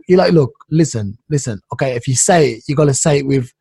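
A man's voice: mid-range voice, quick pace, slight background noise. A man in casual discussion who tells stories and acts out what others said. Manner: animated storyteller, acts out quotes.

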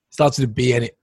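A man co-hosting a casual talk show, telling stories in a rambling way, restarting often and laughing through his words. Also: fairly high pitch. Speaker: podcast co-host. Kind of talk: casual chat, storytelling.

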